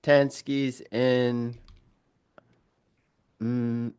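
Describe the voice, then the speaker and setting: A man from northern England in a casual group chat, jokey and steering the game with quick asides. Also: medium pitch, level tone, darkish tone, smooth, no room sound, clean studio sound.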